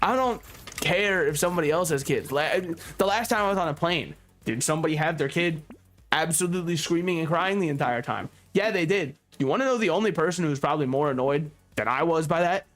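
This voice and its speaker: A man's voice: a little high, fairly quick, a bit bright, soft background music. A man giving casual, rambling gameplay commentary, joking, swearing freely and laughing often. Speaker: gaming YouTuber.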